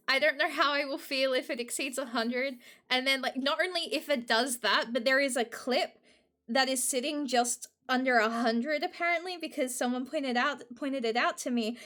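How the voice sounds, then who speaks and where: A woman streamer chatting casually with her live chat, giggling often and getting excited. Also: sits high.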